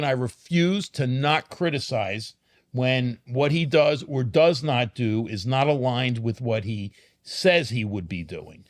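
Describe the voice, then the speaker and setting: Casting note: man, podcast guest, emphatic and argumentative, slows down to stress key points, mid-range voice. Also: medium pitch. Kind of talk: casual podcast conversation.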